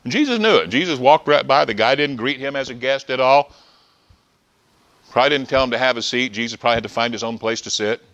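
A man preaching a sermon, excitable, often restarting phrases as he retells a story. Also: medium pitch, quick pace, highs cut off. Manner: excitable, stumbling restarts, acts out scenes.

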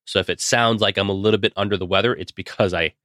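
A man hosting his own podcast, speaking in an earnest, heartfelt way as he addresses his listeners directly. His voice sits on the low side but sounds bright and forceful, with a touch of a cold still in it. The sound is dry and close, with no room around it. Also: fairly even intonation, rapid-fire, no room sound. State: getting over a cold. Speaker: podcast host. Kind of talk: solo podcast monologue.

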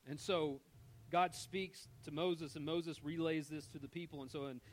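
A man's voice: on the high side, fairly even intonation, moderate pace, soft background music, poor audio. A man preaching a sermon in a conversational way, often repeating words as he searches for the next phrase. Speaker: pastor.

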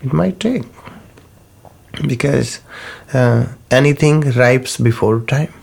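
Slow gravelly man teaching. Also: medium pitch, darkish tone. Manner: unhurried, repeats key terms, non-native phrasing. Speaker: spiritual teacher. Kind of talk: slow spoken teaching talk.

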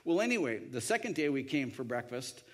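A man tells a personal story in a rambling, conversational way. He restarts often and voices the people he quotes. His pitch sits in the middle range. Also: big pitch swings, brisk. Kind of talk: anecdotal storytelling.

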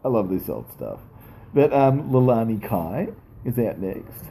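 A man's voice: on the low side, unhurried, gravelly, a little hiss or hum. A man co-hosting a casual wrestling podcast chat, jokey and talkative. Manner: chatty, jokey, animated.

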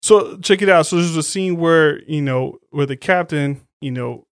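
A man with a slightly high voice retells movie scenes in a loose, profane, animated way. The sound is dry and close. He keeps the talk casual, like a podcast co-host. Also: moderate pace, clear, resonant tone, no echo. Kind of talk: casual chat.

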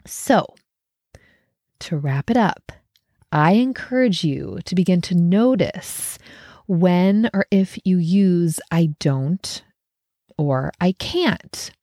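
Low-voiced woman, casual podcast talk. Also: expressive, slow, warm tone, no echo, clean studio sound. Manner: reflective, conversational, many fillers. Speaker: podcast host.

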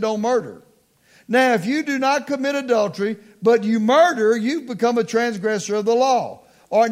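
A middle-aged man preaching a sermon, calling on the congregation to respond, slowing down to stress key words and dropping into quiet asides. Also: very high-pitched. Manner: call-and-response preaching, slows for emphasis, drops to hushed asides.

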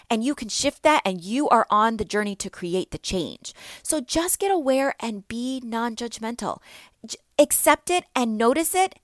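A woman in her thirties speaks in an earnest, encouraging motivational tone, often repeating phrases to drive a point home. Her voice sits at an ordinary middle pitch. The recording is dry and close, with no room sound. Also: a bit bright, no room sound. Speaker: podcast host, wellness coach for mothers. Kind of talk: motivational talk.

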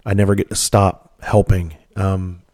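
A man's voice: sits low, little pitch movement, measured pace, a little mellow. A middle-aged man, hosting a podcast and telling a rambling, candid, profane story in casual monologue. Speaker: podcast host.

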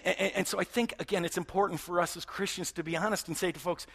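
Man, pastor, sermon, husky, emphatic preaching, hushed near-whispers. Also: high-pitched, steady tone, fast.

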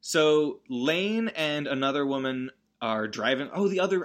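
Man, comic movie recap host, bright tone, mid pitch, rambling, self-interrupting. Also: animated, unhurried.

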